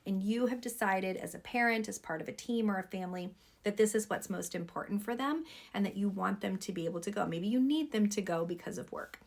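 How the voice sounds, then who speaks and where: A woman's voice: medium pitch, brisk, creaky, hardly any pauses. A woman pediatrician talking straight to camera, earnestly advising parents.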